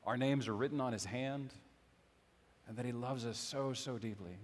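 Conversational pastor preaching in a reverberant church. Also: male voice, mid-range voice, normal speed, a little hiss or hum. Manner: conversational, with gentle humor and fillers. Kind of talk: sermon. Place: church sanctuary. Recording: long hall reverb.

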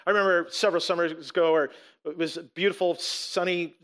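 Man, pastor, sermon, high voice, emphatic, rhetorical questions, restarts often. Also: fairly even intonation, fairly quick, fairly bright tone. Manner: repeats words when restarting.

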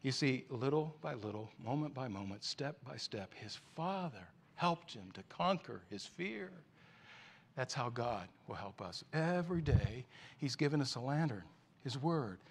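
Male pastor preaching, mid-pitched, swings from loud climaxes to hushed near-whispers. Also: expressive, measured pace, creaky, a little hiss or hum. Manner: storytelling preacher, rising to loud peaks, dropping to soft near-whispers. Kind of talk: sermon.

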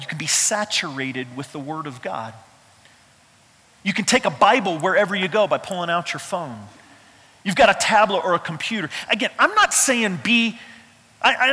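A man's voice: high-pitched, sharp tone, husky. A middle-aged man, a pastor, preaching a sermon in an emphatic, conversational way with touches of humor, in a church. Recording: reverberant hall sound.

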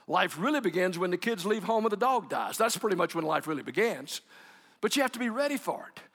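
A man's voice: high voice, lively intonation, fast talker, a bit bright, in a large hall. A man preaching a sermon in a folksy, joking way, often laughing and acting out quotes. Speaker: pastor.

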